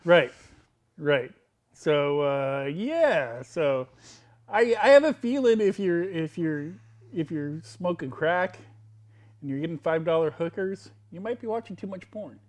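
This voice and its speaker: A man's voice: on the high side, animated, unhurried. A man from the United States co-hosting a podcast, laid-back and laughing often in casual comedic chat. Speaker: podcast co-host.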